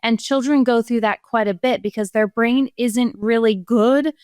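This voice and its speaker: Middle-aged woman, smooth clear voice. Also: on the high side, fairly even intonation, normal speed, no room sound, studio quality. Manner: warmly agreeing, frequent backchannels. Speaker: podcast co-host. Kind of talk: casual podcast chat.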